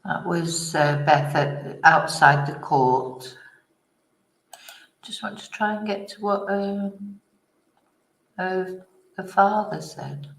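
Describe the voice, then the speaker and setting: A woman's voice: fairly low pitch, takes it slowly, vocal fry, pauses often, distant mic. A woman hosting a true crime channel, chatting casually and muttering asides to herself as she looks things up. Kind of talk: casual commentary. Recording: echoey room, away from mic.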